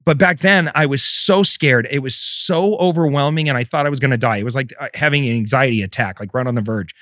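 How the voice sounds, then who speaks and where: A middle-aged man, a podcast host, telling an emotional personal story, his voice swinging between loud and hushed. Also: mid-range voice, fairly quick, no echo, clean studio sound.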